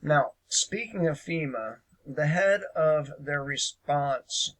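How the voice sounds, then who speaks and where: A man's voice: a little high, takes it slowly, fairly bright tone, low-quality recording. A man hosting a casual political commentary show, speaking hesitantly with lots of fillers and a sarcastic edge.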